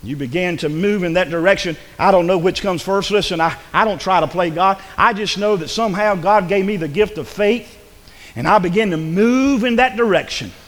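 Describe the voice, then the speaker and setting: A man preaching a sermon in church, swinging between loud, emphatic passages and hushed ones. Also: high voice, moderate pace, long reverb tail. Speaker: pastor.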